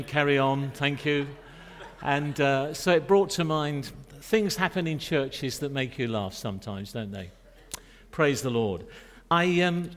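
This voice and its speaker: A middle-aged man preaching in a church, chatty and joking with the congregation between points. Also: fairly high pitch. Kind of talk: sermon. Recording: long reverb of a church hall.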